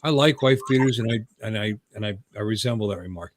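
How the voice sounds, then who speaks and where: A man's voice: fairly low pitch, fast talker, a little hiss or hum. A man hosting a casual livestream chat from home, rambling and joking, often stopping himself mid-sentence. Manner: rambling, jokey, self-interrupting. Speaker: host.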